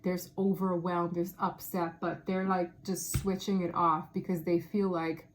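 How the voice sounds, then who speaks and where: A woman with a lower voice talks her way through a tarot spread in a relaxed, casual tone. She muses out loud and breaks into frequent laughs, with a faint hiss in the background. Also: a little slow. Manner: musing, thinks aloud, laughs often. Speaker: tarot reader. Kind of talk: casual tarot reading monologue.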